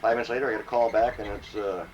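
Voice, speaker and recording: A man casually telling profane, animated stories about his old police dispatching days. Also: on the low side, rapid-fire, muffled recording. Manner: profane, animated anecdotes with acted quotes. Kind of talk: casual storytelling among old friends. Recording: distant mic, noisy home recording.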